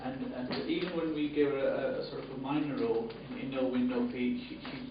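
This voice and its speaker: A man's voice: fairly even intonation, fairly quick, very echoey. A man presenting awards as a director, speaking off the cuff with many ums and repeated words. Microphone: camera mic from a distance. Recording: distant, boomy, dull camera audio with room noise.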